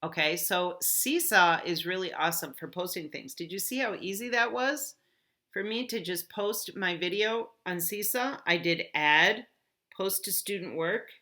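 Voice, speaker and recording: A woman teacher walking students through an app step by step, clear and encouraging. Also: lowish voice, unhurried, sharp tone.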